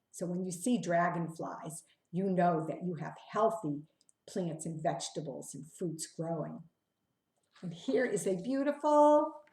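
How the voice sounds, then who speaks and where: A woman reads a picture book to young children at an unhurried pace, coaxing them with questions and little hand games. She sometimes sinks to a soft whisper or sings a slow tune. Her voice carries a roomy echo. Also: fairly low pitch. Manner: gentle, coaxing, talks straight to children with questions and hand play; drops to a whisper at times, sings slowly. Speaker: children's storyteller. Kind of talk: interactive children's story reading.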